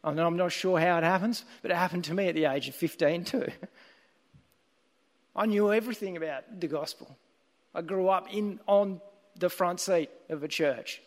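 A man preaches with earnest, emphatic storytelling. His voice sits high for a man, and a long reverb trails each phrase across the hall. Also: normal speed. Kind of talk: sermon.

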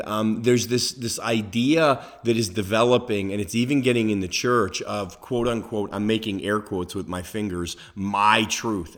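A man's voice: lowish voice, fairly bright tone. A man preaching a sermon as a pastor, earnest and emphatic, building points through repeated declarations.

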